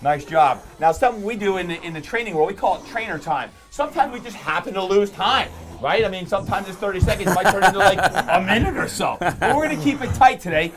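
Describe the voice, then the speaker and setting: A fitness trainer, a man, runs a quick workout demo with nonstop energy. His voice sits a little high for a man, and he keeps up a stream of cheerful encouragement. He calls out reps and tosses in pet names as he goes. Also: lively intonation, a crowd in the background. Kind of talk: coaching a live workout demo.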